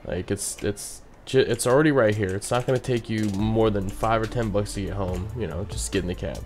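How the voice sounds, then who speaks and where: A young man with a fairly low voice tells a story in a loose, rambling vlog style and keeps dropping in "you know what I mean" asides. Faint music plays softly behind him. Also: a little fast. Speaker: bartender telling a story.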